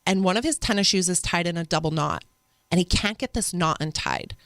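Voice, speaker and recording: A woman guest on an interview show, a mother telling stories in an earnest, animated way. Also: fairly low pitch, a little fast, no room sound. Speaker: podcast guest. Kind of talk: conversational interview storytelling.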